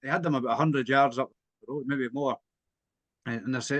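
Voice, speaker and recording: A man's voice: mid-range voice, fairly even intonation, fast, a bit bright, no room sound. A man co-hosting a casual boxing chat, telling anecdotes with frequent chuckles and tag questions. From Scotland. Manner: chuckling storyteller, tags lines with "eh?". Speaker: co-host.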